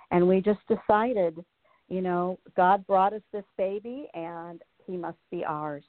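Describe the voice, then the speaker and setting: Over a tinny phone line, a show guest in her late fifties reads out her personal story with earnest feeling before chatting about it. She has a medium-pitched voice, and the recording is dry.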